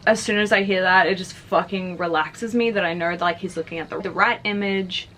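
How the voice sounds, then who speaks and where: A woman's voice: fairly low pitch, brisk, a bit bright, slight background noise. Chatty young woman telling a story. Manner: chatty, filler-heavy, frequently says "like". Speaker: vlogger. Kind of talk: casual personal storytelling.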